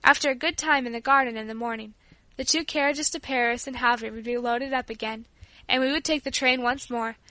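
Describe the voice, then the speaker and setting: High, bright woman reading a story. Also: steady tone, brisk, no echo. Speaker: audiobook reader. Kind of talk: scripted narration.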